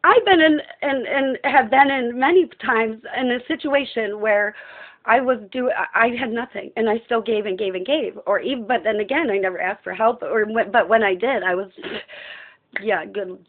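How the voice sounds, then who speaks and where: A woman's voice: on the high side, normal speed. A woman speaking in an impassioned, profane personal monologue, ranting at length. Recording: tinny phone-like sound.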